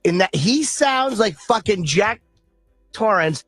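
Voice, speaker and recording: A man's voice: sits high, animated, takes it slowly, a bit bright, no echo, soft background music. A man co-hosting a comedy radio show, gleeful and giggly with crude jokes. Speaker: radio co-host.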